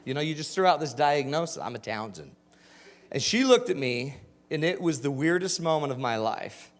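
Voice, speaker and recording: Upbeat male keynote speaker in his forties, fairly high voice, full of asides and crowd questions, heard in a reverberant hall. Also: moderate pace. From Utah. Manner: animated, jokey, asks the audience questions. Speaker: motivational speaker. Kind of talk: storytelling keynote talk.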